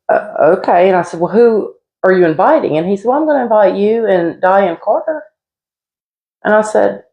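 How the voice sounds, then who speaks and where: A woman's voice: mid-range voice, normal speed, lo-fi sound. Chatty woman co-host. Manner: chatty, animated storyteller. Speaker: podcast co-host. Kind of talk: casual chat.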